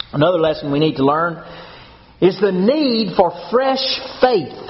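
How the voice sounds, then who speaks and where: A man preaching a sermon as pastor, with a measured, solemn and emphatic cadence. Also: high-pitched. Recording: dull sound with long hall reverb.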